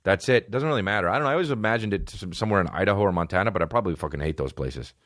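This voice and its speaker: A man in his thirties rants on his comedy podcast in a low voice that leaps up and down as he gets worked up. He swears freely and slips into mocking impressions of people, and the recording is dry, with no room sound. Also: rapid-fire, no echo. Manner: animated, profane, mimics people in mocking voices. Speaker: podcast host. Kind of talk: casual comedic rant.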